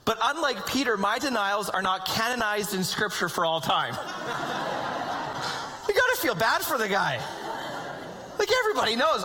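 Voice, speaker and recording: A man preaching a sermon to his congregation, animated and conversational, with joking asides. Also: high-pitched, moderate pace, long pauses, background noise. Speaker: pastor. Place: church sanctuary with congregation. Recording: long hall reverb.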